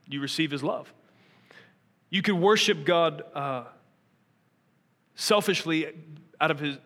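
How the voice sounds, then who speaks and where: A man's voice: on the high side, a bit bright, in a large hall. A man preaching a sermon, earnest and probing, asking his listeners pointed rhetorical questions.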